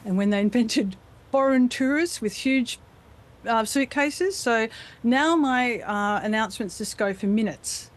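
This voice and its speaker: Middle-aged Australian woman, lively interview guest with a slightly raised pitch, quick to mimic others. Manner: chatty, playful, does quick mimicry. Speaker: voice actor guest. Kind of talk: live news interview.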